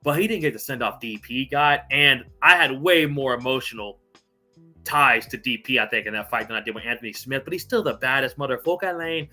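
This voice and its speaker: A man hosting a live MMA recap stream in casual sports talk, hyped and profane, shouting out viewers in the chat. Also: mid-range voice, a little fast, soft background music.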